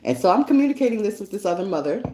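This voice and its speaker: A woman hosting a podcast, telling stories in a blunt, profane, animated casual monologue. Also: mid-range voice, racing. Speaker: podcast host. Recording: echoey room.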